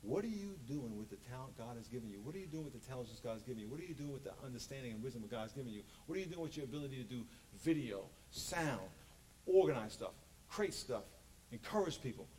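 A man preaching a sermon as pastor, animated and joking, acting out quotes. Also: medium pitch, fast talker, a little hiss or hum, low-quality recording.

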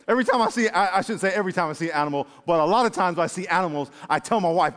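A man preaching a sermon to his congregation, animated and joking, calling them y'all and acting out little voices. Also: high voice, quick pace. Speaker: pastor. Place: church. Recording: long reverb of a large hall.

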